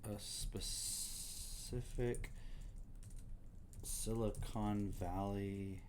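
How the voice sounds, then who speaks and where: A low-voiced man hosts a live stream and talks over the video clips he plays. He reads search results aloud and imitates the speech patterns he is discussing. A faint hiss sits under his voice. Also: unhurried, pauses often, darkish tone. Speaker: livestream host. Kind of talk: casual commentary on clips.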